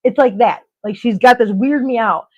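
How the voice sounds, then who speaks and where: Chatty woman host, slightly high voice. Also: moderate pace. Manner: chatty, storytelling, laughs often. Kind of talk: casual livestream chat. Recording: dull lo-fi stream audio.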